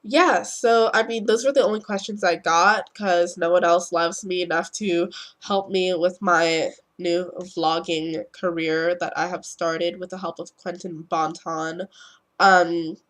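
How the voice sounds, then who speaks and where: A woman's voice: lowish voice, fairly even intonation, unhurried. A teenage girl with a cold vlogging casual dating advice at home, rambling, swearing freely and acting out awkward thoughts. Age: teens. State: sick, voice affected by a cold.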